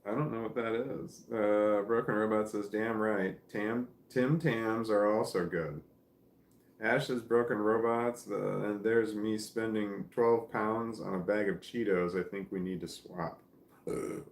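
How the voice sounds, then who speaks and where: A man's voice: fairly low pitch, steady tone, a little slow, roomy sound. A man from Missouri with a Midwestern American accent, hosting a casual live chat, reading viewer comments aloud in a tired, rambling way with frequent chuckles. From Missouri, United States. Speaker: livestream host reading chat.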